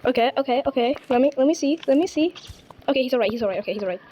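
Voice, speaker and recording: A woman's voice: high-pitched, expressive, rapid-fire, mellow, a little hiss or hum, low-quality recording. A woman playing a game and chatting to herself, jumpy and squealing when scared. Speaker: gamer playing a horror game. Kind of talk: casual gameplay commentary.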